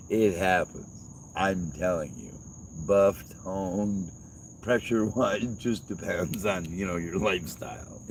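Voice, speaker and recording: Livestream host, deep gravelly man, unhurried, teasing and joking banter. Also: darkish tone, a little hiss or hum, low-quality recording. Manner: joking, teasing, laughs often. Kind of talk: rambling casual chat.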